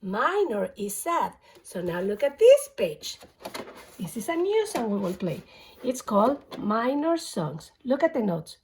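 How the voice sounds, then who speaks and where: A woman teaching young music students, her voice high and swooping all over. She speaks slowly and in a sing-song way, chanting memory tricks for the notes like a game. The tone stays patient and animated throughout. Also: a little hiss or hum. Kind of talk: children's music theory lesson.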